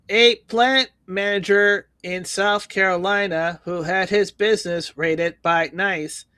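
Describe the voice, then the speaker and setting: Guy with a high voice roasting news on stream, sarcastic, dry close mic. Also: bright, forceful tone, clean tone, no room sound. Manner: sarcastic, joking, reads comments aloud. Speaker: livestream host reading viewer comments. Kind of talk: casual news roast chat.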